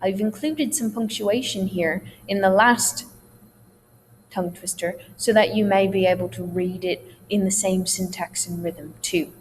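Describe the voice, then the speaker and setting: A woman teaches a dialect lesson at an unhurried pace, calm and reassuring as she explains each sound. Her voice sits at an ordinary pitch and carries a long hall reverb with a faint hum underneath. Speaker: theatre teacher.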